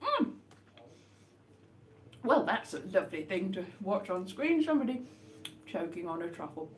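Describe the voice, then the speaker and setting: A woman rambles through a casual live stream, making wry, deadpan jokes between bites. Her pitch swings about a lot. A faint hiss of background noise sits under her voice. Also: moderate pace. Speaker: livestream host. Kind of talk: casual live chat while eating chocolates.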